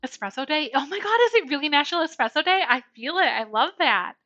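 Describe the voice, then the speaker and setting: Big pitch swings mark this woman's high, sharp voice as she talks at a quick pace. She's a Twitch streamer baking at home, chatting casually, bubbly, and greeting viewers by name. The recording is slightly dull lo-fi stream audio with faint music.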